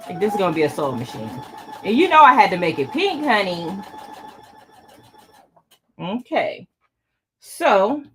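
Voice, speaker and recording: Sewing on camera, this quilting channel host keeps up a friendly chat with her audience during a relaxed live tutorial. She's middle-aged, and her voice sits on the low side with a fairly bright tone.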